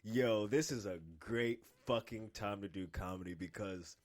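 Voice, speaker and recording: A man co-hosting a podcast, an amateur comedian talking in a profane, emphatic and casual way. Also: lowish voice. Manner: profane, emphatic, quick to laugh.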